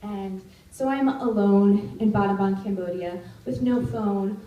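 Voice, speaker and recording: A young woman in her twenties telling a personal story at a live storytelling event, animated and now and then shouting out quoted lines. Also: mid-range voice, unhurried, narrow, tinny audio. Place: stage in a live venue. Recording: roomy live recording from far off.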